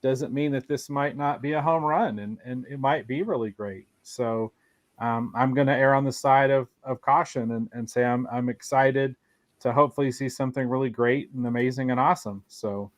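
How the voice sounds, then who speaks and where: A man co-hosting a casual podcast chat, speaking in a measured, hedging way. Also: mid-range voice, fairly even intonation, dry recording. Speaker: podcast co-host.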